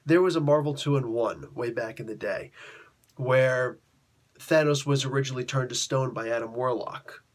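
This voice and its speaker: A man's voice: mid-range voice, normal speed. A man hosting a comic book show, casually retelling a story in laid-back slang and acting out the characters' lines. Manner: animated, acts out characters' lines. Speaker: comic book channel host.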